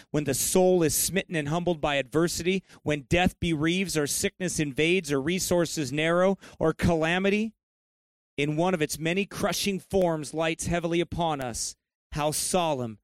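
A man's voice: fairly high pitch, no room sound. A man preaching a fervent sermon, building to emphatic peaks and then praying.

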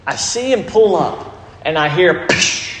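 Pastor, drawl, middle-aged man, high tenor voice, storytelling sermon in a big reverberant church. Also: unhurried. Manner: storytelling, animated preaching with acted quotes. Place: large church hall. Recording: echoey hall, faint ambience.

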